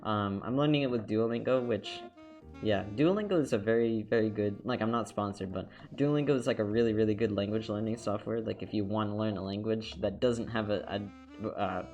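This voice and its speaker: A man's voice: fairly low pitch, fairly quick, a little mellow. A man chatting casually while he draws on a live stream, rambling and upbeat, full of fillers and restarts. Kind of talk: casual chat while drawing. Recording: faint music behind the voice.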